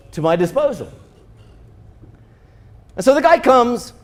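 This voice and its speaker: Man, pastor, high-pitched voice, lively sermon storytelling, acts out dialogue. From South Africa. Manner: animated storyteller acting out dialogue.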